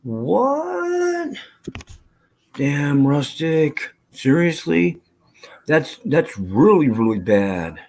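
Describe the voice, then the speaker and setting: A man's voice: mid-range voice, expressive, takes it slowly, a little mellow. A man hosting a live stream, chatting casually and profanely with his viewers, rambling from topic to topic. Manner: rambling, profane, reads chat aloud.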